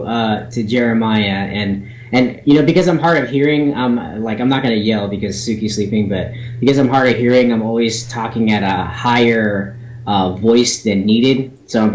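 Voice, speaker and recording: A man's voice: on the low side, a little mellow, reverberant, a little hiss or hum, low-quality recording. A man playing a tabletop game, describing his actions in a rambling, hesitant way full of ums. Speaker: player.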